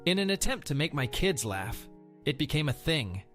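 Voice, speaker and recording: A man's voice: fairly high pitch, very animated, moderate pace, fairly bright tone, faint music behind. A man narrating a Reddit post aloud in a wry, sardonic manner.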